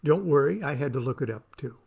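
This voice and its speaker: A man's voice: medium pitch, animated, a little fast, darkish tone, slightly rough. A man reading aloud from his own book, with a wry, theatrical delivery that plays to the listener.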